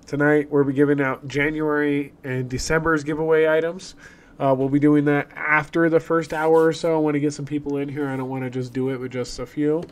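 A man's voice: fairly high pitch, a little mellow. A man hosting his livestream while sick with a cough, chatting upbeat about giveaways. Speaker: streamer host. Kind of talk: casual livestream chat.

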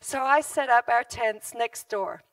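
Animated laughing woman preacher, distant mic. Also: on the high side, unhurried, no room sound. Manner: animated, laughs often, acts out quoted voices. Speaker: guest preacher. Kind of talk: storytelling sermon. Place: church.

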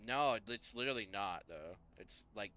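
A man's voice: fairly low pitch, animated, normal speed, sharp tone, smooth, muffled recording. A young man chatting loosely at a tabletop game, teasing the others with lots of filler words. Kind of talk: casual tabletop chat.

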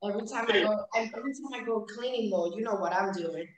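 A woman telling a lively personal story on a casual live stream, acting out her own lines with laughs. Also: medium pitch, fast talker, roomy sound, poor audio.

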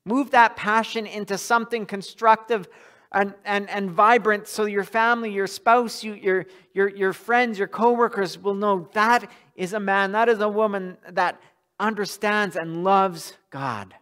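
Earnest high-voiced male pastor preaching. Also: fairly even intonation, measured pace, a bit bright, smooth. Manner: earnest, often repeats words while restarting. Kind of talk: sermon.

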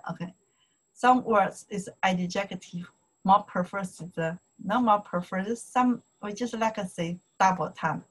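Mandarin-native woman tutor with a Chinese accent, unhurried and a little breathy, drilling phrases over and over. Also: mid-range voice, rough recording. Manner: slow, repetitive, drills pronunciation in Mandarin and broken English. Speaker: Chinese language teacher. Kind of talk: casual online language lesson.

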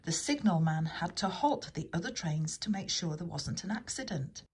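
A woman reads a children's train storybook aloud in a husky, lowish voice. She steps out of the text now and then for chatty asides of her own. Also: lively intonation, normal speed, a little mellow.

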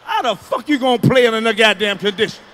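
High-pitched comic guy, loud and cussing, bright edgy voice. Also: quick pace, a little hiss or hum. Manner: loud, profane, storytelling with shouts. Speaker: stand-up comedian. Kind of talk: stand-up comedy routine.

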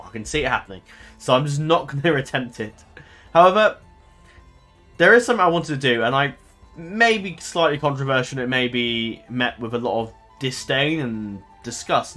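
A man's voice: mid-range voice, fairly bright tone. A man hosting a gaming channel, chatting casually to his viewers in a rambling, hesitant way, often correcting himself and filling gaps with ums.

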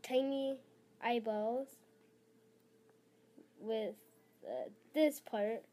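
A woman's voice: on the high side, warm tone. A woman making a reaction video, rambling casually with many fillers and giggles. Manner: halting, filler-heavy, giggly.

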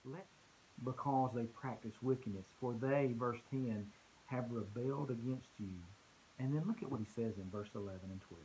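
A man's voice: mid-range voice, moderate pace, a little mellow, a little hiss or hum, low-quality recording. A man preaching a conversational sermon in church, earnest, often repeating words as he restarts a thought.

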